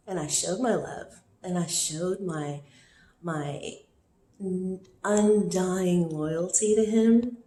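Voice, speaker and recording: A woman vlogging about a painful relationship, teary and worn from crying, talking in a raw, rambling way with throat-clearing. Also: medium pitch, mellow, echoey room. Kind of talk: emotional personal vlog confession.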